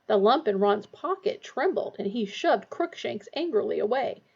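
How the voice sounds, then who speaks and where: Woman narrator for a storybook, steady and expressive, recorded with a dull lo-fi sound. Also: on the high side, moderate pace, creaky, breathy edge. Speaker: audiobook reader.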